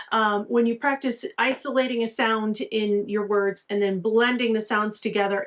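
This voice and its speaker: Woman teacher, instructional video, patient and explanatory, mid-pitched. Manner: patient, explanatory, slows down to sound out words.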